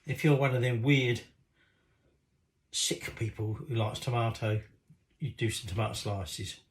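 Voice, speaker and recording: A man's voice: mid-range voice, measured pace, reverberant, low-quality recording. A middle-aged man, rambling casually and swearing mildly as he cooks in his home kitchen. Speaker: cooking show host. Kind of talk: casual cooking vlog chat.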